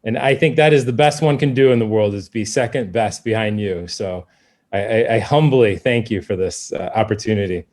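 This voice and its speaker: A podcast host accepting an award over a video call, gracious and humble in a casual chat. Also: male voice, fairly low pitch, moderate pace, a little mellow.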